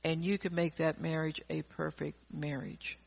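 A woman's voice: low voice, little pitch movement, moderate pace, gravelly. An older woman preaching an earnest sermon, often repeating and restarting her phrases.

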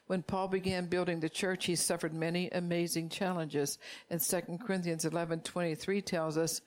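A woman preaching a sermon, repeating phrases for emphasis and reading scripture aloud as she urges her listeners directly. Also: on the low side.

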